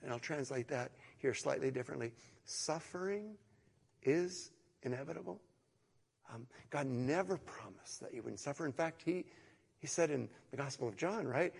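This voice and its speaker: A middle-aged man preaching a sermon to an online congregation in an earnest way, moving from hushed, slow phrases to emphatic, louder ones and repeating words as he goes. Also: fairly high pitch, animated, creaky, husky, in a large hall. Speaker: pastor.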